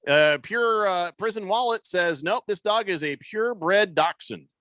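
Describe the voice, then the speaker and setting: A man's voice: high-pitched, unhurried, bright, forceful tone, no room sound. A man hosting a sports radio show in casual chat, rambling loosely with plenty of fillers and restarts. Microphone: studio microphone.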